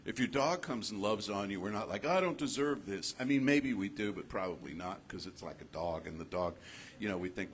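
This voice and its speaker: A man giving a conversational sermon as minister, animated and playful, acting out little voices and laughing at his own jokes. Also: fairly low pitch, brisk, a little hiss or hum. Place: church hall.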